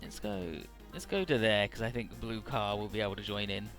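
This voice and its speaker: A man's voice: on the low side, fairly quick, a bit bright, faint music behind. A young man giving casual, rambling and profane commentary over a video game playthrough. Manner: rambling, profane, jokey retelling. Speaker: Let's Play commentator.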